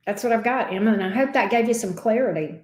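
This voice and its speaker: A woman's voice: fairly high pitch, fast talker. A woman reading tarot on a live stream, chatty and emphatic, repeating each question aloud as she shuffles. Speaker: tarot reader. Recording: roomy echo.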